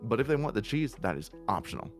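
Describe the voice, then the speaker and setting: A man's voice: medium pitch, sing-song, quick pace, gravelly, faint music behind. Blunt, emphatic male streamer. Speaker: VTuber streamer. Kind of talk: casual stream chat giving advice.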